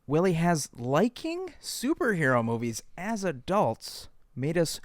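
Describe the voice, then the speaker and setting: A man's voice: fairly high pitch, huge pitch swings, measured pace, no echo. Wisecracking man on a dry podcast mic. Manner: wisecracking, sarcastic quips. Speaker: podcast co-host. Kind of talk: casual comedic podcast chat.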